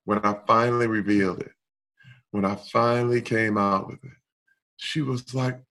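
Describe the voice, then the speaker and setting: A middle-aged man talking candidly in a conversation, emphatic and expressive, moving between loud and soft. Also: fairly low pitch, normal speed. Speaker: guest.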